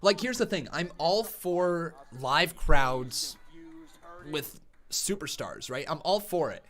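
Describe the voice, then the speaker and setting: A man's voice: a little high, expressive, slow pace, fairly bright tone. A man hosting a live wrestling watch-along stream, calling the action play-by-play, reading chat comments aloud and laughing often.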